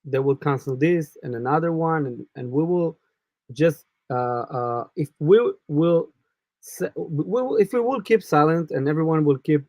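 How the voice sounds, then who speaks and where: A man speaks as a guest on a live stream, in halting English with many fillers. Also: a little high, a little mellow, dry recording. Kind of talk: casual live-stream discussion.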